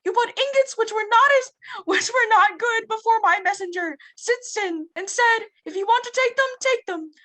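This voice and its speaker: A young woman putting on a squeaky, high cartoon mouse voice, shrill and breaking into giggles. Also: moderate pace, few pauses. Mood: indignant. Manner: shrill, giggly, shouting bursts.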